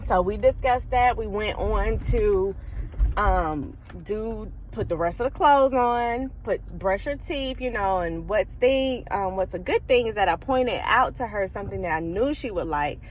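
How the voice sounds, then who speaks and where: Chatty young single mom vlogging. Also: female voice, medium pitch, animated, a little slow, a little hiss or hum, poor audio. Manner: chatty, laughs often while telling; speaks directly and reassuringly to viewers. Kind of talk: casual storytelling to camera.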